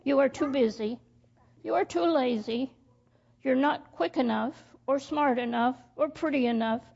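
Woman voicing a stern fault-finding waterman, gravelly, dull lo-fi sound. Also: sits high, measured pace, darkish tone, full character voice. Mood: scornful. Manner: stern, demanding announcements. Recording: dull lo-fi recording.

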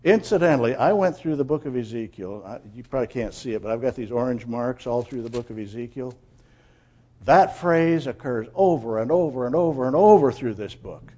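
A man preaching a sermon, swinging between loud, emphatic lines and quiet, confiding asides. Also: mid-range voice, animated, fairly quick. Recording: dull lo-fi sermon recording.

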